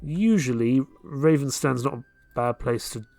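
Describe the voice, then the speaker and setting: Faint game music plays behind a man hosting a let's play, whose mid-range voice is creaky and measured in pace. He's relaxed, offering casual commentary and thinking aloud about what to do next as he plays.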